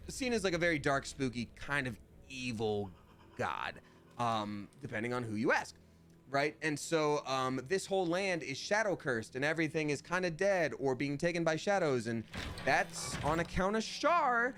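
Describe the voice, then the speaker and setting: Chatty male streamer with lively pitch. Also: normal speed, a little hiss or hum. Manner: chatty, playful, jumps into silly voices. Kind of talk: casual livestream gaming commentary.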